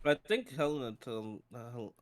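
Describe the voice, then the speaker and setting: A man co-hosting a streamed book discussion, talking in a casual, sarcastic, animated way and swearing freely. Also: mid-range voice, normal speed. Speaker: book club podcast co-host. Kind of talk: casual chat. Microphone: streaming setup.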